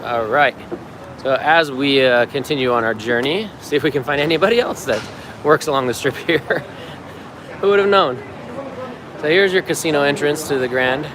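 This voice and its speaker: Easygoing male vlogger from the US narrating a walking tour on a phone, city noise clear behind. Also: on the high side, normal speed. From United States. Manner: chatty, easygoing, laughs often. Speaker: vlogger and circus performer. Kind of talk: live-stream walking tour. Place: outdoors on a city street. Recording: outdoor street noise.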